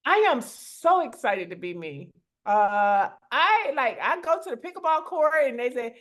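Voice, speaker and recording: A middle-aged woman co-hosting a motivational live chat, telling stories in a playful, animated way. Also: fairly high pitch, measured pace. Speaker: co-host.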